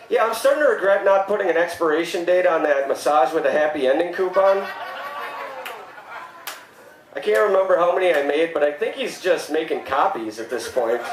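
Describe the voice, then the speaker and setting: A stand-up comedian in his thirties, whose voice runs a bit high for a man, fires off dry one-liners before leaping into mock shock. The stage mic catches the echo of a roomy club.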